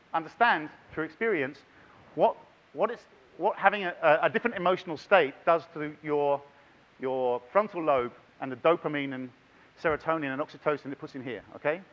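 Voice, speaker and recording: A middle-aged man giving a lively, chatty conference talk and directing the audience. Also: on the high side, muffled recording. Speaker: conference plenary speaker. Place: large conference hall.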